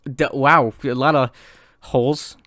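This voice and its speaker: A man's voice: mid-range voice, fairly even intonation, unhurried, a bit bright, dry recording, clean studio sound. A young man co-hosting a podcast, rambling in crude, playful banter. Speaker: podcast co-host. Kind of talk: casual banter.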